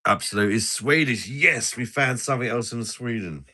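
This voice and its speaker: A man's voice: medium pitch, moderate pace, bright, forceful tone. A British man hosting a casual live stream, rambling jokily and laughing as he chats over drinks. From Britain. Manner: rambling, jokey banter with frequent laughs.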